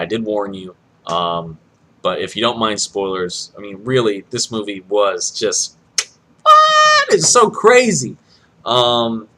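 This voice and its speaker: A young man from Kansas giving his opinion in a casual vlog, animated and excitable, with sudden jumps up to high exclamations. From Kansas, USA. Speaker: vlogger reviewing a movie.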